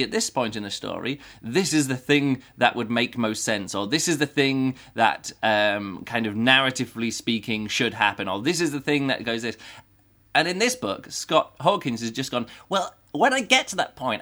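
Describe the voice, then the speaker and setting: A man with a bright, clear tone and a mid-range pitch, talking through a book on his own podcast. He rambles loosely with plenty of fillers and breaks into lively exclamations. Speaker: podcast host reviewing a book. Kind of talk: casual solo book podcast talk.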